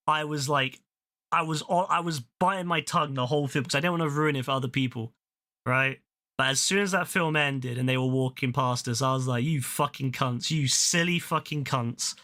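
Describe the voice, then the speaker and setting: A man, chatting casually while gaming, ranting animatedly with a lot of swearing. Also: a little high. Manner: ranting, profane, animated storytelling. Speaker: gaming video host.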